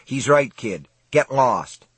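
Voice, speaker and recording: Man playing a gruff, mocking gray-haired man. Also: mid-range voice, expressive, slow pace, no room sound. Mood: taunting. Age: older.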